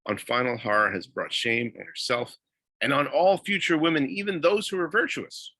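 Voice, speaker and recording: A man reading aloud as a bitter, proud dead king, with halting pauses. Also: medium pitch, sharp tone, husky, dry recording, voice pushed up. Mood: indignant.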